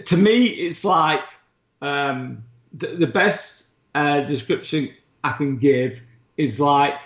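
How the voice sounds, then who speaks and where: A man co-hosting a podcast, casually telling a travel story with laughs and the odd swear. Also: fairly high pitch. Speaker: podcast co-host. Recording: roomy, dull-sounding recording.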